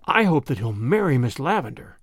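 A man's voice: medium pitch, very animated, brisk, dry recording, studio quality. A man reading an audiobook, voicing a blunt, devoted young servant girl with folksy, deferential speech. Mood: blunt, worried.

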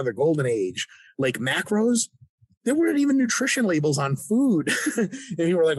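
Animated, profane American man, husky voice. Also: fairly high pitch, moderate pace, no room sound. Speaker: podcast guest. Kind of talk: casual conversation.

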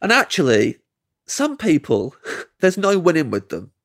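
English man telling a lively anecdote. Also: fairly high pitch, measured pace. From England. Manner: animated, acts out quoted voices, laughs mid-sentence. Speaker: podcast guest, comedian. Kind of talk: storytelling anecdote.

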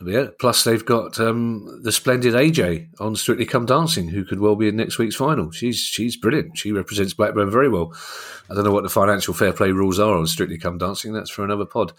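A man's voice: lowish voice, a little fast. A man with a South London accent hosting a football finance podcast, chatty and jokey with lots of asides. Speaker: podcast host. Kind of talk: casual chat.

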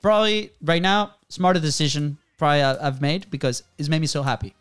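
A man in his thirties hosts a relaxed talk show, speaking with a smooth, resonant tone. His voice sits a little higher than most men's. He rambles through his story, restarting phrases and checking in with "right?". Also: brisk, faint music behind. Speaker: podcast host. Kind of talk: casual chat.

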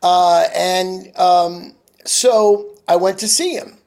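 A man's voice: sits high, takes it slowly, vocal fry, darkish tone. A man, a chef telling stories in casual chat, full of "you know". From New York. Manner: rambling storyteller, frequent "you know".

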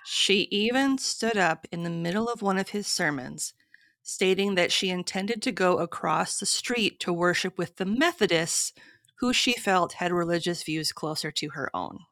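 A woman co-hosting a podcast, reading out researched history to her co-hosts in a steady, measured way. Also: fairly low pitch, no room sound, studio quality. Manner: steady, measured storytelling with frequent short agreements. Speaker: podcast co-host.

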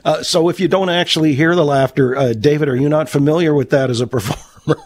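A Canadian man hosting a relaxed radio talk show, quick with a joke and often laughing. His voice sits close and dry on the microphone, with no room sound. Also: fairly high pitch, no echo. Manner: laughs easily, wisecracking. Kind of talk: casual radio chat.

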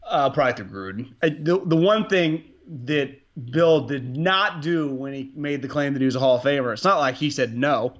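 A man chats casually about sports on a podcast in a rambling, excitable way, swearing freely. His voice sits a bit high, and the recording sounds muffled and lo-fi. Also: moderate pace, few pauses. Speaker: podcast co-host.

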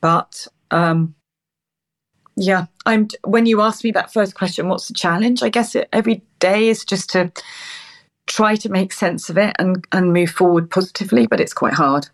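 A middle-aged woman guest, speaking haltingly and close to tears. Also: mid-range voice. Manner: halting, emotional, many restarts. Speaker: interview guest.

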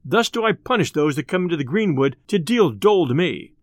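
A man's voice: on the high side, expressive, a little fast, dry recording, clean studio sound, close to an everyday voice. A man voicing a sly, merry outlaw leader, amused and lordly in archaic speech.

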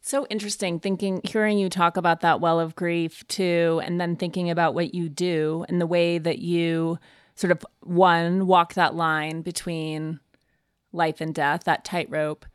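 Low, even-voiced woman host, dry sound. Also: unhurried, smooth, no echo. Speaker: podcast host. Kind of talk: interview.

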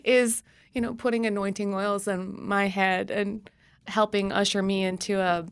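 A woman hosting a podcast interview, laughing and reacting warmly, then telling a reflective story of her own. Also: medium pitch, level tone, normal speed, smooth. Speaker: podcast host. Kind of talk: conversational interview.

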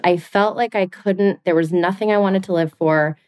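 A woman's voice: lowish voice, fairly even intonation, moderate pace, a little mellow, no echo, studio quality. A woman in her thirties, a podcast guest, telling her own story candidly and bluntly, swearing freely.

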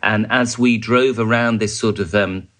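A journalist recounting a war experience in an interview, vivid and halting, with fillers and restarts. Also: male voice, fairly low pitch, fairly even intonation, a bit bright. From United Kingdom. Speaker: journalist guest.

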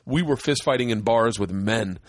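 A man's voice: medium pitch, normal speed. A young man and stand-up comic telling a wild story in casual, profane chat, acting out the voices. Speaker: podcast guest, stand-up comedian.

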